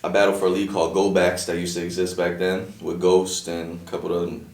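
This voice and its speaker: A man talking casually as a battle rapper guest on a podcast, in fast, profane, animated street talk. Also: low voice. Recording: echoey room, distant from mic.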